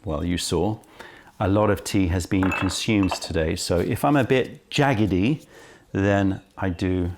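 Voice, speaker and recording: A man's voice: sits low, unhurried, background noise. Chatty, over-caffeinated man tasting tea. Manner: chatty, self-interrupting, apologetic asides. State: highly caffeinated. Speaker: tea shop owner and presenter. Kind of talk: casual tea-tasting vlog. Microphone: camera right in front of his face.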